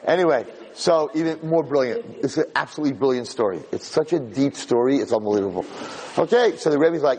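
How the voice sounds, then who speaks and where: A man giving a storytelling class as a rabbi to a live group, rambling with restarts and climbing to loud, high peaks. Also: lively intonation, a little fast, hardly any pauses, slightly rough. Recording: echoey hall.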